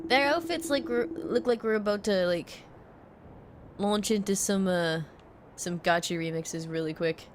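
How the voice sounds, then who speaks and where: A woman's voice: medium pitch, unhurried, slight background noise. A woman streaming a video game, commenting casually, giggling and swearing as she muses aloud.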